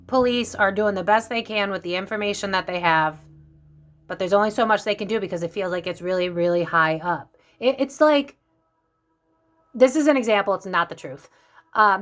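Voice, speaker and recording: A woman's voice: medium pitch, a bit bright. A woman giving a casual psychic tarot reading, talking in a rambling way full of fillers and restarts. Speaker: psychic reader.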